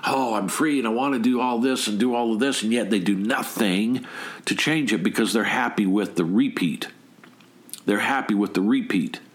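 Middle-aged man, lowish voice, motivational talk, emphatic, rhetorical questions, stumbling restarts. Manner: frequent word repeats and restarts. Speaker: motivational speaker.

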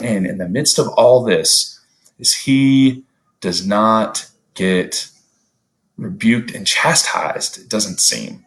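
A man preaching a sermon in an earnest, conversational way, often rising in pitch to stress a point. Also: unhurried, fairly bright tone, rough recording.

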